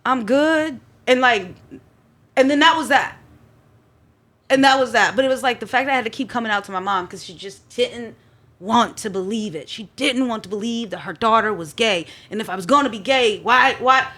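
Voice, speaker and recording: A woman sharing her life story on a panel, lively and expressive. She often breaks into the voices of people in the story. Her voice sits a little high. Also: a little fast. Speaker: panel guest.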